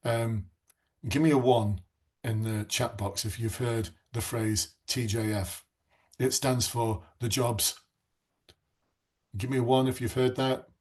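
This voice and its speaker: Teaching police recruits in a live online session, a man with a mid-range, slightly mellow voice shares stories with earnest passion. He often stops and restarts as he talks.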